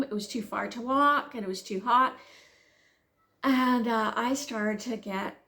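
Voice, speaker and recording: Her voice on the high side and her pace a little slow, a middle-aged Bible teacher shares a personal story with lively flair, voicing her own thoughts. She then shifts into gentle, earnest encouragement.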